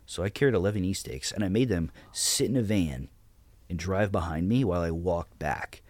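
A man's voice: low voice, moderate pace, a little mellow, no echo. A blunt, profane man in his thirties, a podcast guest telling stories about how he ran his platoon. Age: 30s. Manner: blunt, profane, retells his own orders. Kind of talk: casual interview storytelling.

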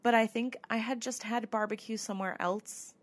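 A woman's voice: fairly high pitch, fairly even intonation, moderate pace. A woman co-hosting a podcast, telling a ghost-hunt story in a chatty way, with lots of fillers and laughs. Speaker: podcast co-host. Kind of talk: casual chat.

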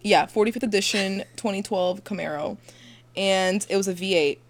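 A woman's voice: medium pitch, moderate pace. A young woman co-hosting a podcast, telling a rambling, crude story in casual chat and laughing often. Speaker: podcast co-host.

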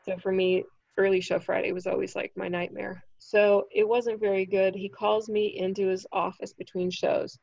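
A woman who is a standup comic, telling a story in casual chat, animated and swearing freely. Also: mid-range voice, moderate pace, creaky, few pauses, no room sound, muffled recording. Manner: animated, acts out quoted voices, swears freely.

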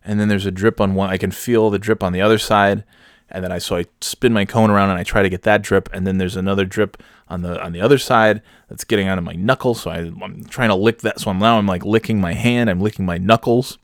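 A man's voice: sits low, fairly even intonation, quick pace, no echo, studio quality. A man telling a rambling comic story about himself, self-mocking and swearing freely. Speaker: comedian storyteller.

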